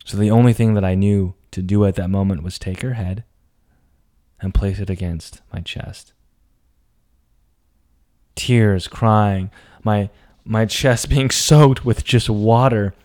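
A man's voice: lowish voice, fairly even intonation, slow pace, long pauses. Dramatic young man telling a story. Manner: dramatic, swings between hushed and emphatic, profane. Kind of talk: personal storytelling monologue.

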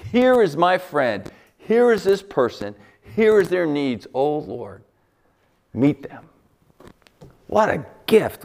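A middle-aged man from Buffalo preaching a sermon as pastor, conversational and joking, with lively swings in pitch. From Buffalo, New York.

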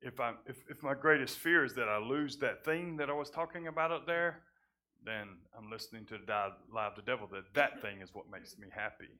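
A man preaching a sermon in a conversational way, often repeating words and dropping his voice low at times. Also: fairly quick, pushed and bright. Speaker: pastor. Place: church sanctuary.

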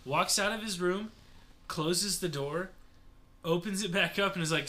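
Speaking at a measured pace, a young guy recounts a story to his friends with lots of energy and plenty of swearing. He lowers his voice whenever he mimics the characters in it.

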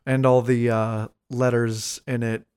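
A man's voice: mid-range voice, flat delivery, measured pace, a little mellow, clean tone. A man co-hosting a podcast, chatting in a laid-back, jokey way. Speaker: podcast co-host. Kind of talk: casual chat.

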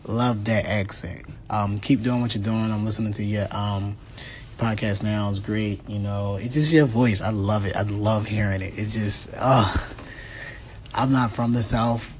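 A man's voice: fairly low pitch, fairly even intonation, a little slow, a little hiss or hum. A man from Philadelphia leaving an effusive, rambling voicemail for a podcast host, full of fillers. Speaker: caller.

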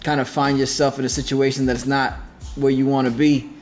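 A man's voice: mid-range voice, little pitch movement, fairly quick, faint music behind. A man hosting a casual podcast, talking in a laid-back, slangy way with lots of fillers while eating. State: talking with his mouth full. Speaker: podcast host. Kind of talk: casual chat.

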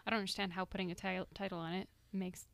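A woman's voice: mid-range voice, level tone, creaky, no echo. A woman co-hosting a podcast, chatting casually and often trailing off mid-sentence. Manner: quick, trailing off into half-finished sentences. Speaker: podcast co-host. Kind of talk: casual chat.

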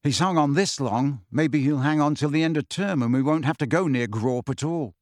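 A man voicing a blunt, excitable teenage schoolboy in an audiobook reading. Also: a little high, moderate pace, no room sound, studio quality, natural voice.

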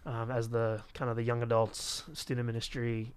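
A man's voice: mid-range voice, monotone, normal speed, clean tone. A young man from Florida, a youth pastor, telling a rambling story in casual conversation. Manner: rambling storyteller, acts out quoted voices.

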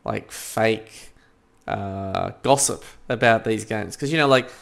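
A man co-hosting a casual video game podcast, joking and getting animated. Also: fairly low pitch, slow, gravelly. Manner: joking, animated when riled up. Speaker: podcast co-host. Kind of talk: casual chat.

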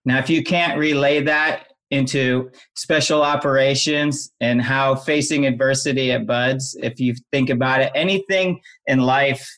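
A man's voice: medium pitch, fairly even intonation, measured pace, few pauses, a bit bright. Earnest middle-aged male interview guest. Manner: earnest, explanatory storytelling. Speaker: guest, former Navy SEAL instructor and founder of an apparel brand. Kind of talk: casual interview chat.

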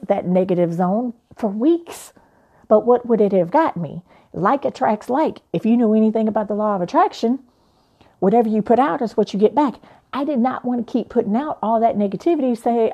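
A young adult woman, a life coach, telling a personal story in an animated, playful way. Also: medium pitch, highs cut off.

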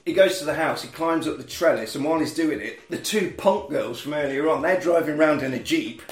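Man, podcast co-host, slightly high voice, animated storyteller, casual swearing, echoey room, faint music. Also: fairly quick. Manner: animated, shouts out quoted lines in put-on voices, swears freely. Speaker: podcast co-host recapping a film. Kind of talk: casual comedic chat.

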